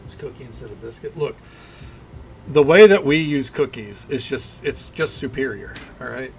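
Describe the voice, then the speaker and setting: A man rambles through relaxed stream commentary. His voice sits at an ordinary pitch with a gravelly, fried texture. His talk is loose and chatty, with casual swearing. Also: normal speed. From American South.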